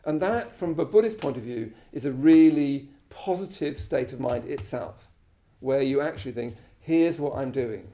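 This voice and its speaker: A man's voice: mid-range voice, expressive, moderate pace, few pauses, dark tone. An English man giving an informal Buddhist talk to a live class, chatty and self-deprecating, often checking in with "you know" and "yeah?". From England. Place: shrine room at a Buddhist centre, live class.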